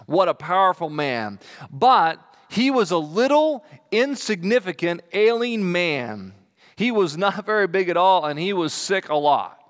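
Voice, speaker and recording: A man preaching a sermon as pastor, animated, acting out quoted voices with big jumps in pitch. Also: measured pace, long reverb tail. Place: church sanctuary.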